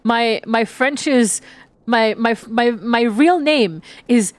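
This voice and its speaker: A woman's voice: on the high side, takes it slowly, dry recording. A woman from Germany streaming a game, chatting casually with a cold, laughing at herself and stumbling over her words. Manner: giggly, self-mocking, stumbling over words. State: has a cold. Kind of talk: casual gameplay chat.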